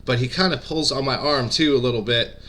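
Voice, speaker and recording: Male storyteller, casual and rambling, stutters, bright voice. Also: mid-range voice, a little fast. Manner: rambling, full of fillers and stutters. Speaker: former pro wrestler telling a story.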